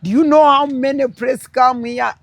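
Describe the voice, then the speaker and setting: A woman's voice: sits high, steady tone, normal speed. An older woman with a Ugandan accent, telling a political story as an interview guest with strong, emphatic feeling.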